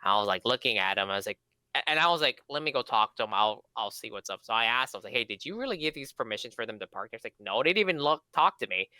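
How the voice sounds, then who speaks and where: Podcast co-host, young man, bright clear tone, rambling anecdotes, dry close sound. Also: lowish voice, animated, fast talker, dry recording. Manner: rambling, many fillers and restarts. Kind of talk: casual storytelling chat.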